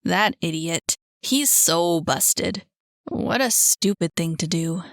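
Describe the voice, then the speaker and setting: A blunt, offhand young man, read by a woman narrator. She drops her voice a little for him and keeps it unhurried and dry. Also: lowish voice, animated, no room sound. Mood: scornful.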